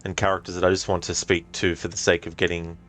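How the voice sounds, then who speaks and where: A man casually commenting on a game he is streaming, relaxed and answering chat with many ums. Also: deep voice, fast, faint music behind. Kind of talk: casual let's-play commentary.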